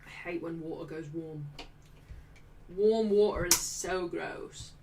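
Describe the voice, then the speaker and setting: A young woman hosting a live football watchalong, excitably reacting to play and reading out viewers' chat messages. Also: lowish voice, takes it slowly, recorded from a distance, background noise.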